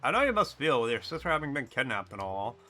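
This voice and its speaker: A man's voice: mid-range voice, big pitch swings, fast talker, sharp tone, faint music behind. A man voicing a blunt, scornful young female pirate captain from a video game.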